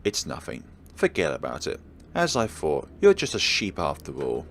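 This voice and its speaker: A man's voice: a bass voice, wildly swooping pitch, moderate pace, creaky, fairly bright tone, a little hiss or hum, voice pushed down, heavily acted. A man reading a visual novel aloud, voicing a secretive, teasing young woman from an occult club who talks in a cool, evasive way. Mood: sullen.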